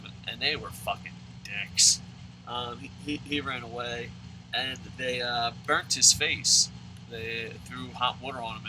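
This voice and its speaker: A young man casually telling a long, profane, rambling story while commentating his gameplay. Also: medium pitch. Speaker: let's play commentator. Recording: steady background noise.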